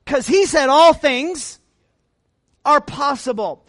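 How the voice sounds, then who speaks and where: A middle-aged man preaches a sermon, moving from hushed asides to the congregation up to loud, punchy exhortations. He jokes at his own expense and keeps it conversational. The sound is close and dry, with no room around it. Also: extremely high pitch, unhurried, dry recording. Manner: animated preaching with big swings between quiet asides and loud emphatic lines; self-deprecating humor, chatty asides to the congregation. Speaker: pastor.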